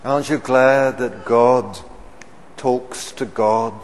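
Slow, booming preacher in a reverberant hall. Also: male voice, fairly even intonation. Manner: questions the congregation, swells loud on key words. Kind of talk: sermon.

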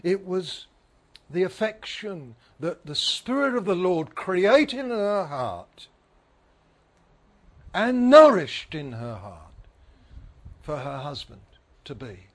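High-voiced man preaching slowly. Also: big pitch swings. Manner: earnest, repeats phrases for emphasis, asks the listeners questions. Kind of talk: sermon.

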